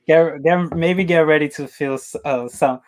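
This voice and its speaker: A man hosting an interview, talking casually in halting, rambling sentences with many repeated words. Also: fairly high pitch. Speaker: interview host.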